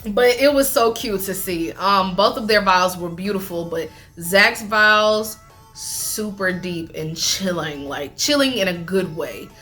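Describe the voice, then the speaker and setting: A woman chatting casually as she recaps a reality show, animated, laughing often and talking with lots of fillers. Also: mid-range voice, unhurried, soft background music.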